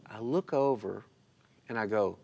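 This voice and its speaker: A middle-aged man telling a personal story in casual conversation, animated and acting out what others said. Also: on the low side, unhurried, creaky, slight background noise. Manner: animated, acts out other people's lines.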